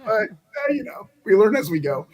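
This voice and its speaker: A man's voice: sits high, sing-song, moderate pace, noisy background. A man, a former candidate for Congress, talking in a rambling, folksy way with many restarts on a convention panel. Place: convention meeting room.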